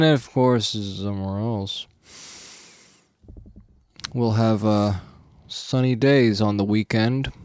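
A man putting on a 1940s radio weatherman with a fake transatlantic accent, pausing a lot. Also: on the low side, clear, resonant tone, no echo, clean studio sound. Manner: put-on transatlantic accent, halting with long pauses.

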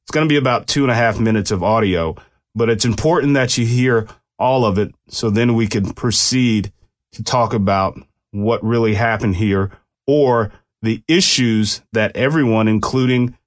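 A man's voice: fairly low pitch, moderate pace. A man who speaks as a police officer, explaining a police shooting case to viewers in a loose, conversational way with restarts. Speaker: commentator and former police officer. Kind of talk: casual commentary on a case.

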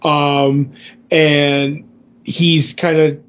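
A man's voice: fairly high pitch, little pitch movement, drawn-out words. Rambling man with a dull lo-fi sound. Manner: rambling, many fillers and restarts. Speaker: podcast co-host. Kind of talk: casual comic book discussion.

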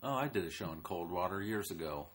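A man's voice: deep voice, animated, fast. A man hosting a casual podcast, chiming in with short remarks and dry jokes. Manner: short interjections, easy laughs, dry quips. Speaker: podcast host.

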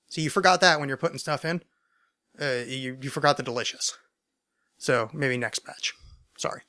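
A man's voice: medium pitch, normal speed, long pauses, sharp tone. A man hosting a solo podcast, answering listener questions in a rambling, stammering, self-deprecating way, overcaffeinated. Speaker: podcast host.

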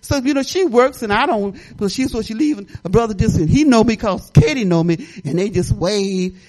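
A woman's voice: medium pitch, animated, fairly quick, darkish tone, poor audio. An older woman pastor, preaching in a folksy, conversational way, rambling into personal stories with asides. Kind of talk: informal testimony sermon.

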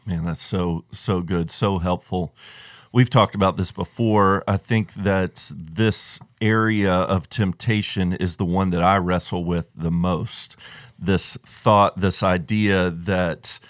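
Low voiced church staff guy cohosting, reflective and affirming, dry sound. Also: steady tone, takes it slowly, no echo. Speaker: ministry staff member, co-host. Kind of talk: podcast conversation.

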